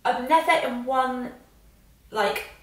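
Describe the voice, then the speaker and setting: A woman's voice: sits high, slow pace, fairly bright tone. A woman in her late twenties, a guest chatting candidly and with self-mocking humour. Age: 20s. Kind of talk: casual chat. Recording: roomy echo, mic at a distance.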